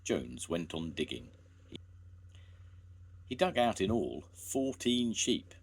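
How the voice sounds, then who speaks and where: An older man, a grandfather, reading a children's story aloud in a slow, gentle way. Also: low-pitched, big pitch swings, slight background noise.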